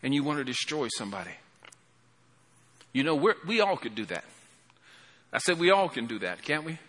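A man preaching an impassioned sermon in a church hall, swelling loud then dropping to a hushed prayer. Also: medium pitch, sing-song, moderate pace. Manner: impassioned, rising and falling, calls for amen.

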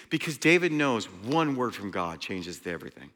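A male preacher delivering a sermon, emphatic, swinging between loud and hushed delivery. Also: lowish voice, sing-song, normal speed, big-room sound.

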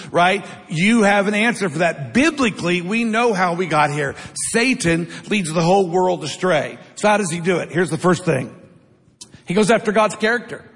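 A man's voice: high voice, a bit bright, slightly rough. A man preaching a sermon to a congregation, reading scripture and telling stories with rhetorical questions. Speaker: pastor. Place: church sanctuary. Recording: long hall reverb.

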